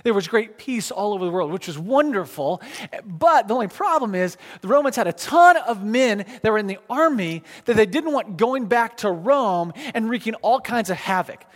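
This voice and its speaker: A man preaching a sermon, teaching from a map in a conversational, animated way, with frequent fillers and restarts. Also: high-pitched, moderate pace. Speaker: pastor. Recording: long hall reverb.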